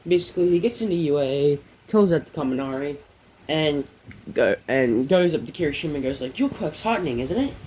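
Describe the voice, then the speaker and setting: A man with a slightly high voice narrates a fan-made story casually. He rambles, stopping for ums and correcting himself. A faint hiss lies under the recording. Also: brisk, darkish tone, poor audio. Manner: rambling, many fillers and self-corrections.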